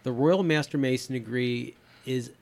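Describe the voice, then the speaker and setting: A man's voice: medium pitch, moderate pace. Rambling middle-aged man hosting. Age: 50s. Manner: rambling, many restarts and fillers. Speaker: podcast host. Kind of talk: casual chat.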